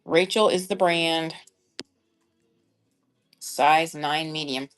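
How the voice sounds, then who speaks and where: With a low, steady voice and drawn-out words, a chatty woman sells live online through a shopping app, soft music playing behind her. Her casual selling chat rambles as she thinks aloud while checking sizes.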